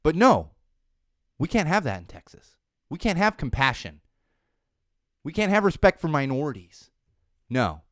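In a studio-quality recording with no echo, a man in his thirties with a slightly high voice talks at normal speed and pauses often. As a podcast host in a casual chat, he rants animatedly, profanely and with strong opinions, full of fillers and restarts, his voice fading a bit from an oncoming cold.

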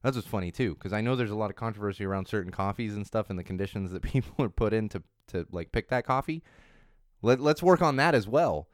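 Quick-paced and expressive, this thirty-something host's lowish voice wanders through trending topics in a chatty way, frequently backing up to restart his sentences. The audio is clean studio sound with no room sound.

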